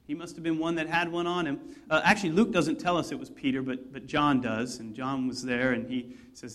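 A man's voice: on the high side, a little fast, hardly any pauses. A man preaching a sermon, retelling a story in a conversational way with asides. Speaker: pastor.

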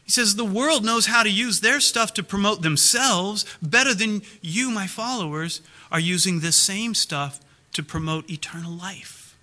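A man preaching a sermon as pastor, retelling a parable with lively acted-out dialogue. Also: sits high, measured pace. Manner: animated storytelling, acts out characters' lines.

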